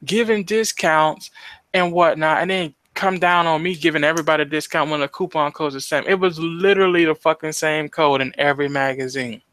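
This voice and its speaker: A man's voice: on the high side, a little fast, smooth, dry recording. A young man co-hosting a casual podcast, telling stories with lots of swearing and acting out the people he quotes. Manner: animated storytelling, heavy swearing, acts out quoted voices. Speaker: podcast co-host.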